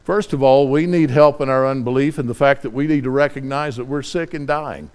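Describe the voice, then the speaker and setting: Impassioned preacher with a smooth voice. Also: male voice, mid-range voice, brisk. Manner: impassioned, rising pleas then quiet scripture reading. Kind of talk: sermon.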